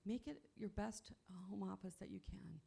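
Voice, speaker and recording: Woman on stage at a convention, super gravelly fry voice, upbeat and motivational, keeps saying you know what. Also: medium pitch, normal speed, dark tone, a little hiss or hum. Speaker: conference speaker. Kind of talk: motivational talk to an audience.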